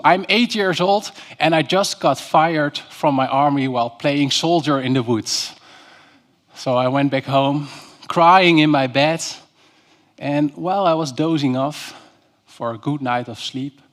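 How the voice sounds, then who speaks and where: A man's voice: a little high, measured pace, fairly bright tone. A man gives a keynote presentation in a university lecture hall, telling stories and putting questions to the audience. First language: Dutch. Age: 30s. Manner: storytelling, engaging the audience with questions. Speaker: keynote speaker.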